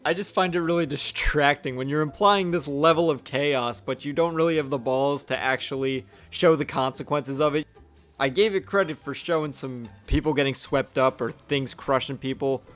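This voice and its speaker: A man's voice: on the high side, moderate pace, fairly bright tone, soft background music. Sarcastic young man reviewing a film. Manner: sarcastic, blunt, swears casually. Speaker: movie reviewer. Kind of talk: casual review voice-over.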